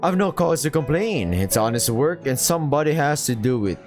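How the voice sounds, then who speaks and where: Animated male let's player reading game narration over soft game music. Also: on the high side, a little fast, poor audio. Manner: expressive reading, laughs at his own slips. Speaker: visual novel let's player.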